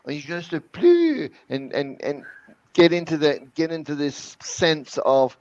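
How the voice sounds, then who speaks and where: A man's voice: fairly high pitch, steady tone, moderate pace, no room sound, lo-fi sound. A man guest in a webinar interview, explaining with energy and often repeating words as he talks. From New Zealand. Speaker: guest language expert.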